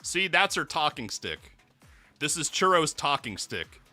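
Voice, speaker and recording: Bright, lively male streamer. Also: on the high side, measured pace. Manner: excitable, laughs hard and swears. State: out of breath from laughing. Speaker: VTuber streamer. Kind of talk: live game reaction stream. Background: faint background music.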